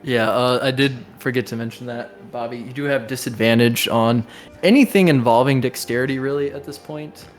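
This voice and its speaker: A young man running a tabletop game over a voice call, explaining rules in a relaxed, rambling way with many fillers. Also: medium pitch, a little fast, faint music behind. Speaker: game master. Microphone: online voice call.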